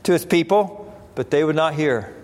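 A man preaches a sermon in a church, reading scripture in old-fashioned wording and circling back over his phrases. His voice sits fairly high for a man. It rings out with a long reverb, as in a large hall. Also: lively intonation, normal speed. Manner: reads scripture in King James wording, repeats phrases.

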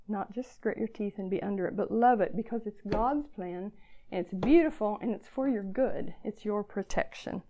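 A woman's voice: mid-range voice, darkish tone. A woman in her fifties giving an earnest, encouraging devotional talk to young women. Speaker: speaker at a girls' gathering.

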